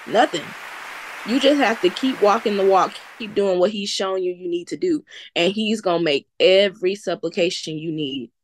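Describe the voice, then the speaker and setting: A woman's voice: medium pitch, moderate pace, dry recording. A woman from the American South, a guest entrepreneur, telling her story earnestly with faith in God. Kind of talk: casual interview talk.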